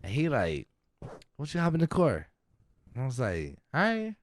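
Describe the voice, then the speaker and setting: A man's voice: mid-range voice, huge pitch swings, normal speed. A man co-hosting a podcast, telling a long casual story full of swearing, laughs and acted-out quotes. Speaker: podcast co-host.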